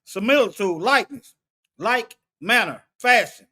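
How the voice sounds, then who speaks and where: A man's voice: high voice, lively intonation, a little slow, bright, forceful tone. A man giving an informal Bible study, thinking aloud in colloquial speech and often repeating himself as he looks up words. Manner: colloquial, repeats and restarts phrases while reading from a lexicon.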